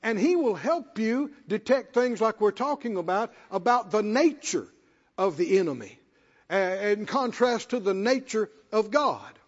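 A man's voice: sits high, lively intonation, a little slow. A man preaching a sermon as pastor in a church, emphatic, repeating phrases for stress and putting questions to the congregation. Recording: dull lo-fi sound with long hall reverb.

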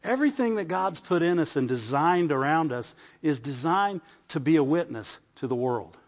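At a church service, a pastor gives a conversational sermon and keeps drawing responses from the congregation. He speaks expressively at a moderate pace in a fairly high voice, captured in muffled audio with long hall reverb.

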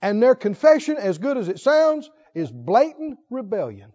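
A man with a high voice preaches a sermon, moving between quiet storytelling and loud emphasis. The recording sounds dull and lo-fi. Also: huge pitch swings, moderate pace, long reverb tail. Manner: storytelling, swings between soft low asides and loud emphatic lines.

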